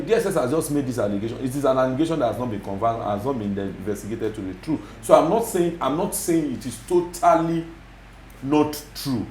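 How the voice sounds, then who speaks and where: Speaking with a mid-range, somewhat dark voice, this Yoruba-accented Nigerian man is a guest commentator on a TV studio interview. He's emphatic, circles back over his points, and mixes in Yoruba expressions. There's a roomy quality to the sound plus a bit of background hiss or hum.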